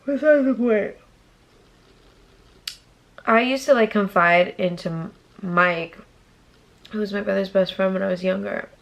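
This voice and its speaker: A woman's voice: medium pitch, moderate pace, creaky, a bit bright, muffled recording. A young woman from Massachusetts telling a casual storytime vlog, chatty and profane, with whispered asides. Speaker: YouTuber.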